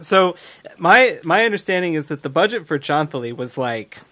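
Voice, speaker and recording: A woman co-hosting a podcast, asking questions in a relaxed, hedging way. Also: low-pitched, moderate pace. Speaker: podcast co-host. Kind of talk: casual interview chat.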